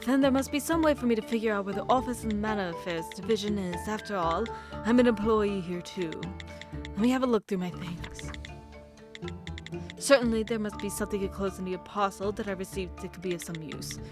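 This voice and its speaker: A woman doing a curious young new employee in a video game, talking in an overdone, wobbly posh British accent at a middling pitch. Game music plays clearly behind the voice. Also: fairly quick, lightly acted. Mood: thoughtful. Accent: put-on British. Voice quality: shaky exaggerated posh accent. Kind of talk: game dialogue read aloud.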